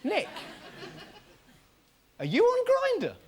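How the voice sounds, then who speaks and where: A man's voice: extremely high pitch, wildly swooping pitch, drawn-out words, heavy background noise. A man hosting a topical stand-up comedy show, cheeky and mock-outraged, over studio audience laughter.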